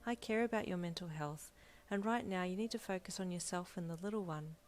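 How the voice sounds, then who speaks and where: A woman voicing a young male hero husband who speaks softly and earnestly. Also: lowish voice, a little fast, close to an everyday voice. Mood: tender. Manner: soft and earnest.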